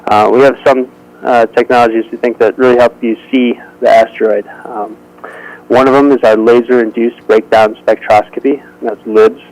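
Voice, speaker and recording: A man giving a prepared technical presentation over a remote audio link to a workshop, measured and dotted with frequent hesitations. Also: mid-range voice, flat delivery, a little mellow, poor audio.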